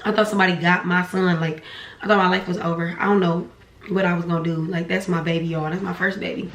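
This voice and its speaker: Animated young woman telling a story. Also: quick pace, reverberant, a little hiss or hum. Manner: animated storytelling, acts out dialogue with pitch jumps. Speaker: vlogger. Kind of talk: storytime chat while eating. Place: home room.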